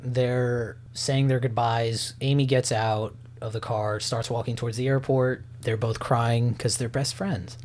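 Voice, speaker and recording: Guy rambling thru a movie recap, um's and like's everywhere, average pitch. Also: fairly even intonation, unhurried, few pauses, darkish tone, a little hiss or hum. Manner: rambling, loose storytelling with many fillers. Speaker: podcast co-host. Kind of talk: casual movie recap chat.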